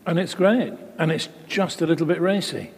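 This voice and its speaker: A man with a slightly higher voice hosts a live interview in a hall. He is chatty and playful, and long reverb trails after each phrase. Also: moderate pace. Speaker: event host. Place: live event hall with audience.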